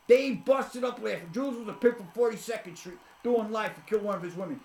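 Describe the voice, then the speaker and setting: A man's voice: high voice, fast talker, hardly any pauses, a little hiss or hum. A man telling rambling, blunt stories to the camera, swearing constantly and laughing at his own tales. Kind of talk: rambling profane storytelling. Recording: echoey room.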